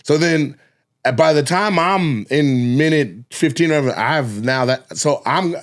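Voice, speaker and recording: A man's voice: a little high, a little slow. A man, a comedian and podcast co-host, telling a profane, laugh-filled story and acting out voices and sound effects.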